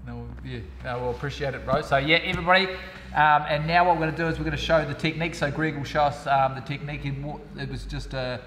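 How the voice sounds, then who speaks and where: Fast-talking New Zealand man in an echoey gym. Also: a little high, a bit bright. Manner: laid-back, laughs a lot, slangy. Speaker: host. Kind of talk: casual interview. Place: gym hall.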